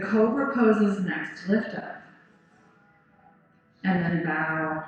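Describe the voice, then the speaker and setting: A woman leading a yoga class, giving calm, encouraging cues and praise. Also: medium pitch. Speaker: yoga teacher. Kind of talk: guided yoga class instruction. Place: yoga studio. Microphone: 360 camera in the room. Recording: roomy, slightly dull recording with faint music.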